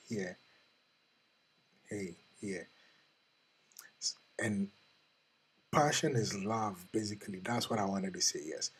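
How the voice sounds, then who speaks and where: Casting: male host, husky voice, earnest motivational speaker who keeps repeating questions straight to camera. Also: on the low side, fairly bright tone, rough recording. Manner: earnest, repetitive, questioning the listener. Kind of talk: motivational talk.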